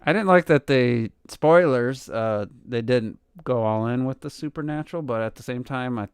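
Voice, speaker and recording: Smooth dry-voiced man chatting on a podcast. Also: mid-range voice, moderate pace, dry recording. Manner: rambling, full of fillers and asides. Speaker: podcast co-host. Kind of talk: casual podcast chat.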